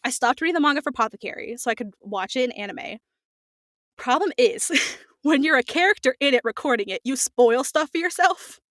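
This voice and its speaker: A woman voice actor chatting as a podcast guest, lively, playing out quoted voices and laughing often. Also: high-pitched, a little fast, dry recording, clean studio sound. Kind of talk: casual podcast interview.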